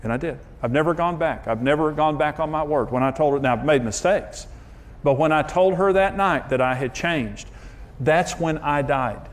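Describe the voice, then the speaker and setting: A man's voice: on the high side, moderate pace. Candid, self-mocking male preacher. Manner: candid, self-deprecating storytelling; emphatic, building up to punchlines. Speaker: marriage speaker. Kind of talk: preaching talk with personal stories.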